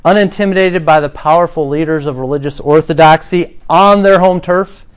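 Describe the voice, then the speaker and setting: Male pastor with a slightly high voice, preaching a sermon with dramatic storytelling. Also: moderate pace, clear, resonant tone.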